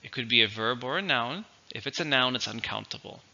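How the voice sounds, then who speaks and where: A man teaching English vocabulary, speaking slowly and deliberately and repeating each word for pronunciation. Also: mid-range voice, lively intonation, creaky, bright, forceful tone, muffled recording. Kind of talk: vocabulary lesson with dictation.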